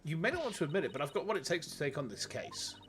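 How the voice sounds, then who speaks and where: A man's voice: a little high, sing-song, fast talker, a bit bright, a little hiss or hum. A man voicing a spirited young woman defense lawyer who talks in a brash, determined way.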